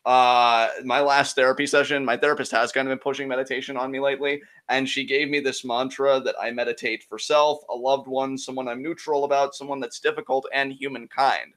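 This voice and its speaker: Bright-voiced animated young man. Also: mid-range voice, brisk, hardly any pauses. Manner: animated, mock-dramatic, playful. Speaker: co-host. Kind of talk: casual podcast banter.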